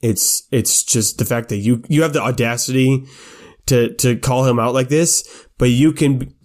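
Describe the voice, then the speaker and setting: Mellow-voiced man running a tabletop game. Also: medium pitch. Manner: relaxed, halting, repeats words. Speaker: game master.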